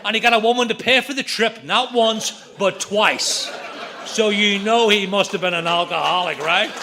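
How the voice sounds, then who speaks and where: A middle-aged Northern Irish man speaks at a recovery meeting, telling his story as a string of jokes and punchlines. His voice sits high and has a gravelly edge. His tone is bright and sharp. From Northern Ireland. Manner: joking storyteller, quick punchlines.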